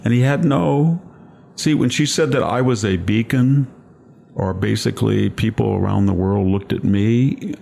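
A man's voice: fairly low pitch, a little slow, creaky, mellow. An older man hosting a political commentary chat, talking in an emphatic, lecturing way full of long anecdotes. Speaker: podcast host.

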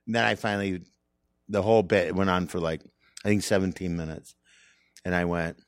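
Comedian guest, very low gravelly voice, reflective and candid. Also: male voice, brisk, dry recording. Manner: earnest, reflective, rambling with restarts. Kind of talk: candid interview conversation.

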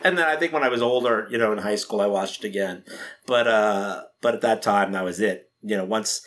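A man talking as a guest filmmaker on a podcast, relaxed and rambling, with many fillers. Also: fairly low pitch, brisk. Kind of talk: casual chat.

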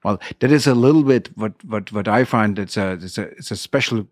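German-accented man, halting English, dry sound. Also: on the low side, darkish tone, dry recording. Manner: halting non-native English with fillers and restarts. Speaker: winery owner guest. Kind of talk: interview.

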